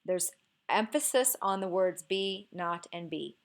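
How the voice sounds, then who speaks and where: A woman's voice: fairly low pitch, expressive, unhurried, fairly bright tone. A woman teacher explaining poetic meter in a recorded lesson, patient and explanatory, often checking in with "okay".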